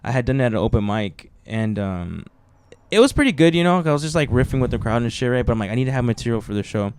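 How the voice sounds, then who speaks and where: A man's voice: mid-range voice, quick pace, a little hiss or hum. A young adult man, a stand-up comedian hosting a podcast, tells stories in casual chat with lots of swearing and acted-out voices. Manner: swearing, animated, acts out voices in quotes.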